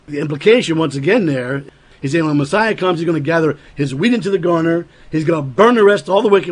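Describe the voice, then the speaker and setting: Earnest preaching man, husky voice. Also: a little high. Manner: earnest, explanatory, acts out quoted lines with raised voice. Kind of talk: sermon teaching on scripture.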